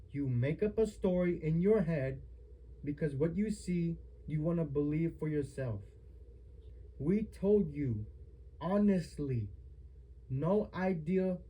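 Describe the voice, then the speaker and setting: A man's voice: a little high, mellow, husky, rough recording. A man giving a family member a heated lecture at home, stern and repetitive as he scolds.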